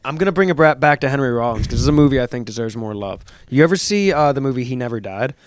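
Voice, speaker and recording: A man's voice: medium pitch, lively intonation, quick pace, no room sound, studio quality. A young man co-hosting a podcast, telling rambling, profane stories in casual chat. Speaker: podcast co-host.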